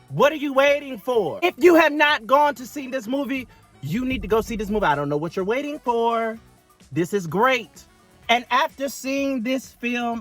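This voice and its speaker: A man reviewing a movie in a lively, dramatic storytelling way. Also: sits high. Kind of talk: casual video review.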